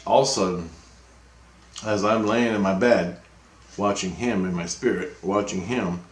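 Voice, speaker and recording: A man rambling through a personal story, acting out the voices in his tale with a lifted pitch. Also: normal speed. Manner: acts out quoted dialogue with a raised voice; loose, meandering, with frequent restarts. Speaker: vlogger recounting dreams. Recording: roomy, echoey room.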